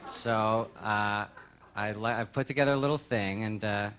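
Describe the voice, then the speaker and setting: A man's voice: on the low side, normal speed, a bit bright. A man acting as bandleader on a talk show, trading banter and crooning in a hammy showbiz way. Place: television studio with live audience. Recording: studio audience and noise behind.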